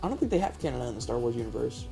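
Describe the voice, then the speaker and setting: A man's voice: mid-range voice, very animated, very fast, vocal fry, dark tone, faint music behind. A man hosting a live stream, chatting casually with chat and a co-player, joking and swearing freely. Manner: joking, profane, riffs with chat. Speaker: streamer host playing a word game.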